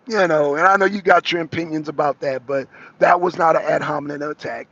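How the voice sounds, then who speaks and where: A man's voice: a little high, steady tone, a little fast, fairly bright tone. A man co-hosting a political talk show, giving heated, rambling commentary full of restarts and asides. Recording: dull lo-fi audio.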